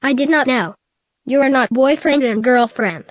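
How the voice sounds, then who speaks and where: A synthetic female text-to-speech voice reading the lines of a calm but nervous teenage boy. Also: high voice, moderate pace, dry recording, close to an everyday voice. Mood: plain. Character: calm nervous male teen.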